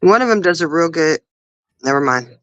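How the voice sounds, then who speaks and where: A woman's voice: deep voice, lively intonation, moderate pace, no echo, lo-fi sound. A woman co-hosting a casual livestream chat, telling stories and laughing often. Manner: giggly storyteller, laughs often. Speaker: livestream co-host.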